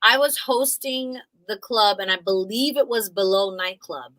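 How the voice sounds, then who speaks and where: A woman's voice: medium pitch, a little slow, no echo, poor audio. A woman in her thirties co-hosting a casual chat, telling a story and acting out the people in it. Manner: animated, acts out quotes in other voices. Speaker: co-host.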